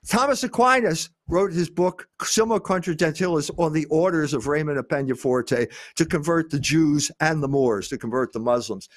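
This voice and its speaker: An older man speaking as a guest, lecturing on history in an emphatic way, with frequent pauses on "uh". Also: on the high side, no echo, studio quality.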